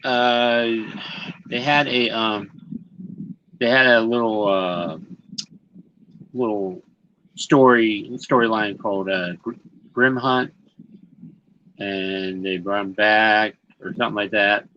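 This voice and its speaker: A man co-hosting a casual comic-book chat, speaking in an unhurried, hesitant way with many fillers. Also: fairly low pitch, fairly even intonation, sharp tone. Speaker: co-host. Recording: dull, slightly noisy audio.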